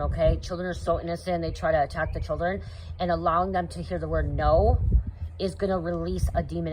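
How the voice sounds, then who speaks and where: A woman with a slightly low voice talks straight to her viewers in a loose, rambling stream of spiritual advice. She keeps asking "okay?" and filling gaps with "you know", coaching rather than lecturing. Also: darkish tone, a little hiss or hum. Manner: earnest, coaching tone addressing viewers. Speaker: spiritual content creator. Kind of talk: casual spiritual advice monologue.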